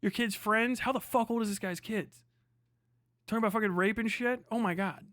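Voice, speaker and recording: Streamer, male, high voice, dry close sound, angry mocking rants. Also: a little fast, a bit bright, dry recording. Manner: heated, mocking, swearing. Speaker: livestream host reacting. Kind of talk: profane livestream reaction.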